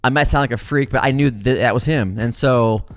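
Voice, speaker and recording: Profane, excitable middle-aged man telling stories. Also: mid-range voice, fairly quick, no room sound, studio quality. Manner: animated, profane, excitable storyteller. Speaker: comedian host. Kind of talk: casual comic storytelling.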